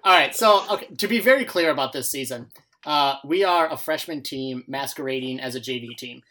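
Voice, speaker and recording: A man's voice: mid-range voice, brisk. Young man chatting casually. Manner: animated storytelling, quotes others in lively bursts. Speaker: podcast co-host and baseball coach. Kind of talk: casual chat.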